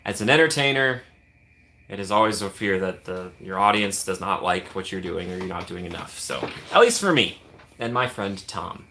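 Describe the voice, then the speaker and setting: A man's voice: sits low, expressive, moderate pace, bright, forceful tone, slight background noise. A man hosting a casual livestream, rambling and chatty, laughing often and thanking viewers by name. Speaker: livestream host.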